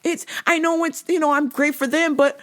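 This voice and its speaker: A man's voice: very high-pitched, level tone, moderate pace, a bit bright, voice pushed up. Man mimicking a whiny upset teen girl. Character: sad teenage girl, whiny, dramatic.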